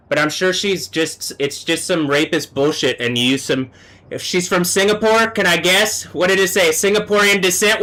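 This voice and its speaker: A man delivers a live-stream monologue in a bright, forward tone that sits a little high for a man. His agitated, profane rant slides between low muttering and raised yelling. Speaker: livestreamer.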